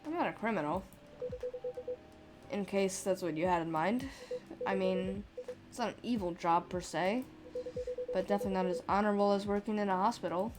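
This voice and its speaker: A woman voicing a calm, dry-witted male vampire customer in a cozy game, with a teasing manner over game music. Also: mid-range voice, normal speed, long pauses, close to an everyday voice.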